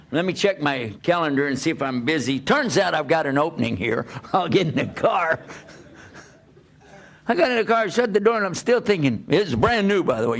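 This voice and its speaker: An older man preaching through a personal story, animated, laughing and acting out the dialogue. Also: mid-range voice, gravelly. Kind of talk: storytelling talk.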